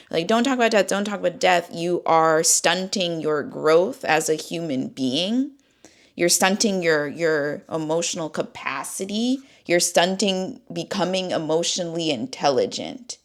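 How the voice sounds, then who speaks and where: Thirties woman vlogging frank and rambly, swears a bit, voice kinda breaking. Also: fairly low pitch. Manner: talks through grief, voice breaking near tears. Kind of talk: candid personal vlog.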